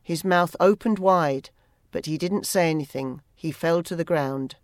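Measured audiobook narrator, dry sound. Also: medium pitch, no room sound. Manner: measured, plain storytelling. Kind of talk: scripted first-person narration.

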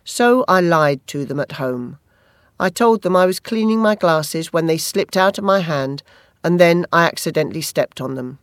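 A narrator reading a first-person story aloud at a measured, even pace. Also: medium pitch, dry recording, clean studio sound. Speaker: audiobook narrator.

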